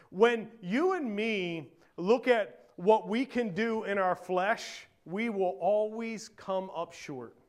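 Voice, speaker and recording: A man preaching a sermon, talking to the congregation with rising emphasis and dropping into quiet asides. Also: high-pitched. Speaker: pastor.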